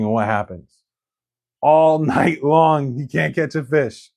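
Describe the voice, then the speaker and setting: A male pastor preaching, his pitch sitting in the middle range. He tells the story with animation and acts out the lines he quotes. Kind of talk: sermon.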